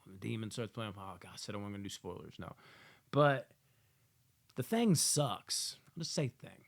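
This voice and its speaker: A man giving a casual movie review, swearing often and acting out characters in loud, yelling asides. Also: medium pitch, animated, moderate pace.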